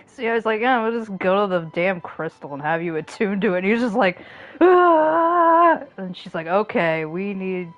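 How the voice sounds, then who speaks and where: A woman's voice: mid-range voice, fairly quick, few pauses, lo-fi sound, soft background music. A woman streamer giving casual, profane gameplay commentary and acting out the characters' reactions as jokes.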